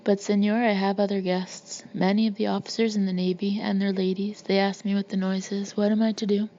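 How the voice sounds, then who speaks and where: A woman's voice: medium pitch, little pitch movement, brisk, warm tone, dull audio, lightly acted. A woman reading the part of a small, elegant maître d' who pleads politely and uneasily. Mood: pleading.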